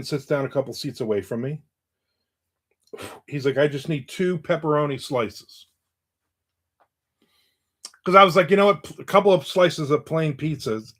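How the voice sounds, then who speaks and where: A middle-aged man casually telling a story about his day, acting out the voices of the people in it. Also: on the high side. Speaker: vlogger telling an anecdote.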